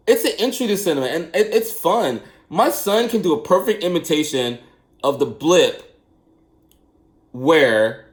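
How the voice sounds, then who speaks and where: A man chatting casually and telling rambling personal stories, often laughing and saying man and bro. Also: a little high. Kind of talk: casual storytelling chat.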